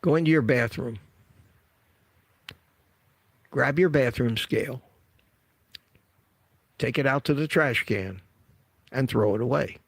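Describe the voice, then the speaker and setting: Gravelly man in his seventies. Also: mid-range voice, measured pace, pauses often, dry recording. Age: 70s. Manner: direct, repetitive, emphatic advice. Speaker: health channel host. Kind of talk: casual advice on a livestream.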